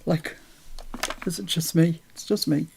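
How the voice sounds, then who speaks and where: Gravelly-voiced woman crafting live. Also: low voice, steady tone, a crowd in the background. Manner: chatty, self-mocking, quick to laugh. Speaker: craft live-stream host. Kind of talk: chatty live crafting demo.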